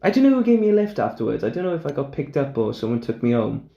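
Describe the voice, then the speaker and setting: A man's voice: mid-range voice, very animated, fast talker, gravelly, mellow, lo-fi sound. A man co-hosting a podcast, telling a backstage story in casual chat, acting out the quotes and laughing often. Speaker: podcast co-host.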